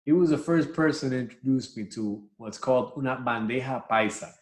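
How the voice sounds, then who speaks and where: A man co-hosting a podcast, trading relaxed, slangy banter in casual chat. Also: medium pitch, fairly quick, roomy sound. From Dominican heritage. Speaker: podcast co-host.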